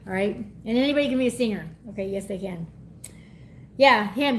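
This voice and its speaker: A woman giving a live energy reading in a chatty, effusive way, laughing often and going soft and teary when moved. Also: medium pitch, a little fast, a little hiss or hum. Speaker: tarot reader.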